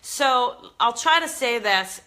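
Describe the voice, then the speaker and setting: Bright-voiced Jersey woman hosting chat. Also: a little high, animated, slow pace. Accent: New Jersey. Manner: chatty and earnest, full of fillers and restarts. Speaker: spiritual show host. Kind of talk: live-streamed casual talk. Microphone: live stream camera mic.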